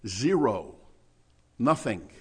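Man, middle-aged, preacher, sermon delivery, emphatic stresses, drops to quiet asides. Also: mid-range voice, big pitch swings, extremely slow, slightly rough. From New Jersey.

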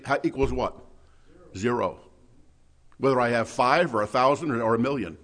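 A middle-aged man preaching a sermon, emphatic, with loud stressed words and quiet asides. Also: medium pitch, moderate pace, long pauses. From New Jersey.

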